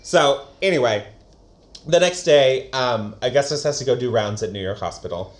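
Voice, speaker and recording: A man's voice: mid-range voice, animated, moderate pace. A man co-hosting a casual book discussion, animatedly retelling the story and slipping into voices. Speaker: podcast co-host. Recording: roomy echo.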